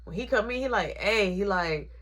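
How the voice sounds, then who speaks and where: A woman telling a personal story in a casual, animated, conversational way. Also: mid-range voice, a little fast. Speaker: vlogger.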